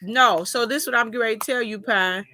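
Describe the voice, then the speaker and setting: A chatty middle-aged woman hosting a casual live chat from home, rambling through a personal story. Her voice is bright and forceful, and it sounds dry and close, with no room echo. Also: fairly high pitch, fast. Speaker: live-stream host.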